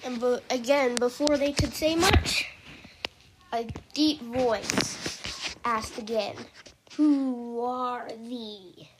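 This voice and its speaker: Improvising storyteller: woman, slow, halting, mellow and slightly high. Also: heavy background noise. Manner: hesitant, with fillers and restarts.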